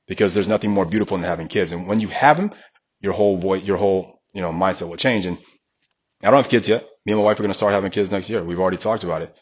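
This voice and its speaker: Speaking very fast in a husky, low-pitched voice, this thirty-something fitness coach holds a casual podcast conversation over dull-sounding audio. He brings his stories to life by acting out the voices of those he quotes.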